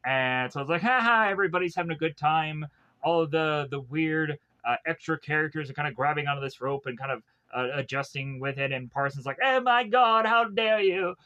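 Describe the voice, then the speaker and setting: A man with a slightly high, bright and forceful voice walks through a movie's plot in a rambling, casual way. He keeps stopping to correct himself and paraphrases the characters in his own words. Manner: rambling, with many fillers and self-corrections; quotes characters in loose paraphrase. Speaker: film reviewer.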